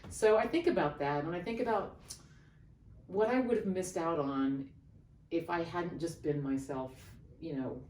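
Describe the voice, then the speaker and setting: A middle-aged woman, an opera singer, telling an animated backstage story in a casual interview and acting out the voices of the people in it. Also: fairly low pitch, a little slow. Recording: roomy, distant mic, faint background noise.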